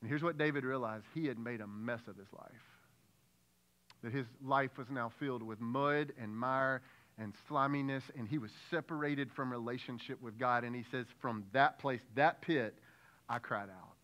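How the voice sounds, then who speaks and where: A man's voice: mid-range voice, moderate pace, sharp tone. A man preaching a sermon as lead pastor, talking conversationally, asking the congregation questions and acting out prayers.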